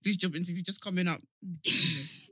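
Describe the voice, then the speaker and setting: A young woman, co-hosting a casual podcast chat, animated and teasing with lots of laughter. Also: lowish voice, fast talker, husky, no room sound, studio quality. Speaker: podcast co-host.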